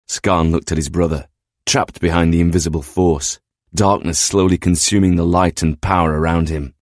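A man reading a story aloud in steady, descriptive narration. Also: low voice, moderate pace, dry recording, clean studio sound.

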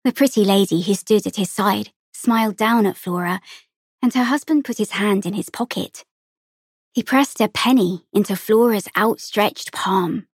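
A woman narrates an audiobook in a steady, measured way. Her pitch is middling, and the recording is dry and close. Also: slightly rough, no echo. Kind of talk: scripted narration.

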